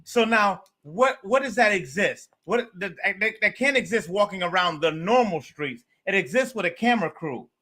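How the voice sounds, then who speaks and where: A man's voice: high voice, expressive, normal speed, few pauses, bright, forceful tone. A man in casual podcast chat, earnest and rambling, repeating words as he goes.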